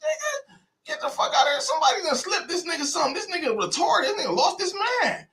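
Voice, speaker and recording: A man's voice: big pitch swings, quick pace, sharp tone, far from the mic, full character voice. A man doing a shrieking, incredulous relative. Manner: squealing, high-pitched, near-crying delivery. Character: exasperated older relative at a family cookout, shocked and mocking.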